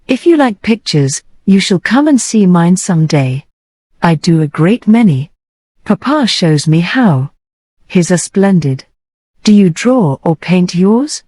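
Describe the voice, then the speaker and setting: A woman's voice: lowish voice, sing-song, slow pace, dark tone, dry recording, full character voice. A woman reading the part of an eager, bossy little rich girl in an audiobook. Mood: imperious. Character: imperious, warm-hearted little rich girl.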